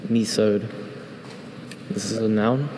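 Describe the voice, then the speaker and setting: Flat-voiced male speller. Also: lowish voice, slow pace, background noise. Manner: flat, careful, asks about word roots. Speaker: spelling bee contestant. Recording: hall reverb, faint air conditioning.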